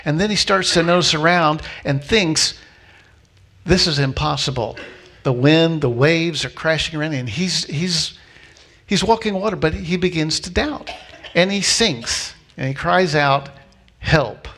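A man preaching a sermon as a pastor, telling a story with lively acted-out voices and repeating key lines slowly for emphasis. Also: fairly high pitch. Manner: animated storytelling, acting out voices of people in the story.

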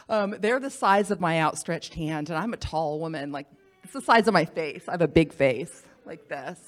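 Animated woman telling her faith story. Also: low voice, moderate pace. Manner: animated storyteller, acts out quoted voices. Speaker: missionary speaker. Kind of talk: personal testimony talk.

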